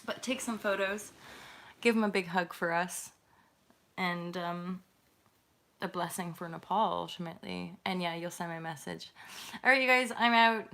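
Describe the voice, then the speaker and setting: A woman hosting a live stream from home, talking loosely and laughing often as she answers her viewers. Her voice sits a little low, and she sounds like she is on a webcam mic. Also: normal speed, creaky, pushed and bright. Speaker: host of a live tarot stream.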